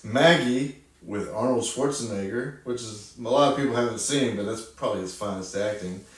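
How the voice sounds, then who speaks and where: A man's voice: lowish voice, normal speed. A man co-hosting a casual chat, rattling off lists of titles. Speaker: co-host. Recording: echoey room, distant mic.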